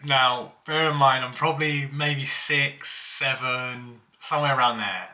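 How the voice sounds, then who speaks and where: A man's voice: mid-range voice, steady tone, measured pace, pushed and bright. A young man casually telling childhood stories, laughing as he goes. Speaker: vlogger. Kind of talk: casual storytelling.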